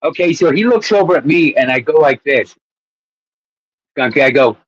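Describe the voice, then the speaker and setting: A man's voice: a little high, lively intonation, fairly quick, pauses often, slightly rough, dry recording, lo-fi sound. A man co-hosting a casual sports chat show, rambling and laughing as he tells stories. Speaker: co-host.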